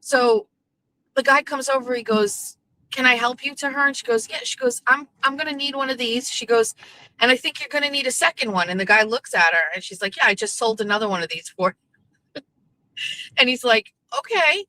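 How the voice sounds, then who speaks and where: A woman's voice: a little high, bright, forceful tone, a little hiss or hum, rough recording. A woman, hosting her show and telling a casual, profane story, quoting the people in it. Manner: chatty and profane, quoting others in quick back-and-forth. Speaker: host.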